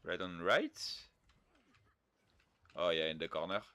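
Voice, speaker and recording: A man's voice: low-pitched, animated, a little slow, pushed and bright, clean tone, no echo. A man with a French accent, chatting casually on a game stream, laid-back, swearing freely and mocking himself. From France. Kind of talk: casual live-stream chat, reading out viewer messages.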